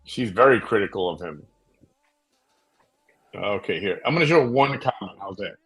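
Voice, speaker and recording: A man hosting a late-night talk show, chatting casually in a rambling way with many fillers and pauses. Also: on the low side, animated, fairly bright tone, breathy edge, poor audio. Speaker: podcast host.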